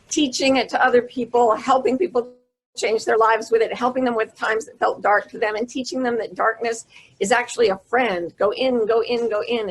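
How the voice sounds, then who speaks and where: Gravelly-voiced woman telling a personal story. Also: fairly high pitch. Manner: earnest, intimate storyteller who slows down for emotional moments. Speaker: wisdom teacher giving a talk. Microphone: video call.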